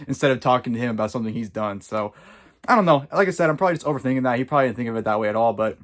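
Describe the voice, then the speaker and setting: A man's voice: medium pitch, expressive, very fast. A man vlogging, telling a story casually in a rambling way full of "like" and "uh".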